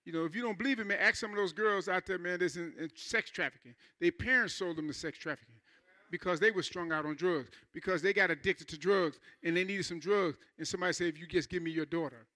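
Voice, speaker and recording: A male pastor preaching a sermon in church, talking to the congregation in an informal, conversational way and acting out church members in quick asides. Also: high-pitched, pushed and bright.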